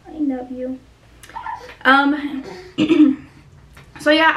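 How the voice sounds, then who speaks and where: A young woman, a mother, speaking earnestly in a personal vlog, with many pauses and fillers. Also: fairly high pitch. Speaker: mother sharing her baby's story. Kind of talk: personal vlog talking to camera. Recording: echoey room.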